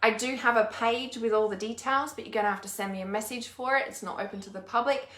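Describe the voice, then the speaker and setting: Bright-voiced woman swearing on a live stream. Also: on the high side, steady tone, fast, roomy sound. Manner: blunt, swears freely, rants with emphatic repetition. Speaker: intuitive healer and mentor hosting a live stream. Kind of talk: casual live-stream chat reading comments.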